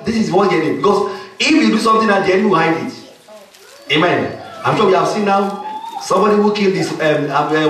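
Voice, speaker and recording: A man's voice: sits high, fairly bright tone, very echoey, recorded from a distance, rough recording. A man preaching a sermon as pastor, emphatic and punctuating his points with frequent "Amen".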